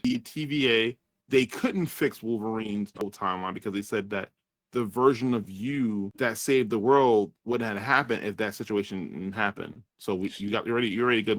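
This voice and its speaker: A man's voice: on the low side, no room sound. A man reviewing a movie in casual chat, rambling and swearing as he retells scenes. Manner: rambling, profane, acts out characters' lines.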